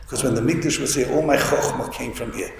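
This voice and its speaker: A rabbi with a gravelly, mid-range voice gives a quick-paced, Yiddish-inflected Torah lecture in an echoey hall with faint room noise. He tells it like a story, restarting often and sprinkling in Hebrew and Yiddish terms.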